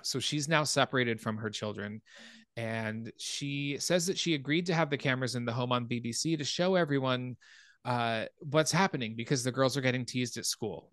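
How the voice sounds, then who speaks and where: A man hosting a podcast, casually retelling a film's plot scene by scene in an animated way. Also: medium pitch, no echo. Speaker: podcast host. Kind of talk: casual film recap.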